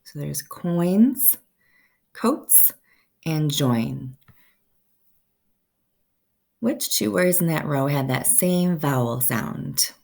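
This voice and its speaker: Slow, low-voiced woman teaching phonics. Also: lively intonation, gravelly, darkish tone. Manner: slow, stretched-out sounding of words. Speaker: first-grade teacher. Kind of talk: phonics lesson for young children.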